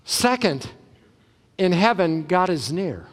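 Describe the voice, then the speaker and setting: A man preaching a sermon as a pastor, animated and emphatic, with sudden loud bursts. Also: high voice, takes it slowly.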